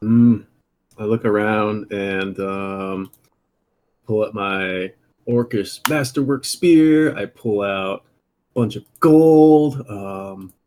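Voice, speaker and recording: A man playing a tabletop game, speaking his character's lines in a formal, measured way. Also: fairly low pitch, a little mellow. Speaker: player. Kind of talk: in-character tabletop role-play.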